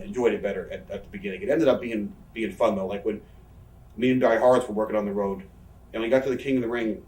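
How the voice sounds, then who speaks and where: A man in his thirties, a professional wrestler, guests on a laid-back interview, telling meandering, profane stories at his own expense. His voice is lowish and a little mellow, picked up by a far-off mic in a roomy room.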